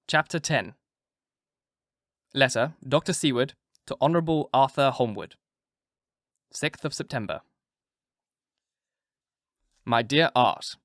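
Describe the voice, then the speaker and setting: Man, audiobook narrator, steady clear reading, dry close mic. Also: mid-range voice, no echo. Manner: relaxed, joking intro, then steady clear reading. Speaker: audiobook narrator and channel host. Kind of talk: audiobook reading with a casual intro.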